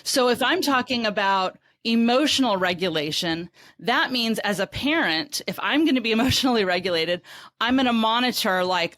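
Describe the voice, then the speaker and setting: A woman's voice: on the high side, moderate pace, no echo. Brief: woman parenting expert, podcast guest, chatty explainer, close dry mic. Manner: animated, explanatory, acts out parent self-talk. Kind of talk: conversational podcast interview.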